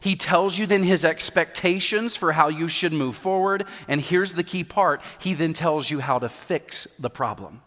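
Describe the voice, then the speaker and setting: A man's voice: on the high side, normal speed, few pauses, a bit bright. A male pastor preaching a sermon, emphatic, repeating key points, with light humor. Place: church sanctuary. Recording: reverberant church hall.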